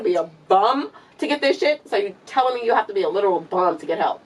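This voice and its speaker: A woman co-hosting a podcast, talking in a heated, animated way, swearing often and pushing her voice high when she gets exasperated. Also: brisk, hardly any pauses, distant mic, a little hiss or hum. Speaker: podcast co-host. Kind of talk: heated casual debate chat.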